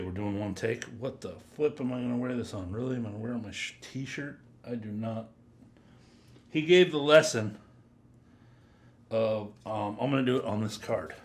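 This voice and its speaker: A man giving a casual, rambling first-impressions review of perfumes, chatty and drifting into quiet mutters as he sniffs. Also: on the low side, a little hiss or hum. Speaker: fragrance reviewer.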